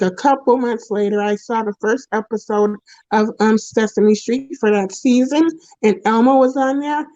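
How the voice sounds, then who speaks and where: A woman's voice: fairly high pitch, a little mellow, no echo, close to an everyday voice. A woman voicing a foul-mouthed, jealous male puppet performer who rants bitterly and profanely, rambling with many restarts. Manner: profane, rambling, indignant ranting with frequent restarts. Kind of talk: comedic character monologue. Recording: dull, dry lo-fi recording.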